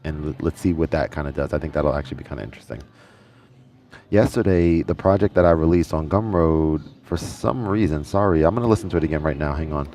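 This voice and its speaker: A man hosting a casual music livestream, thinking out loud and chatting with viewers in the comments. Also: very deep voice, fast talker. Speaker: livestream host.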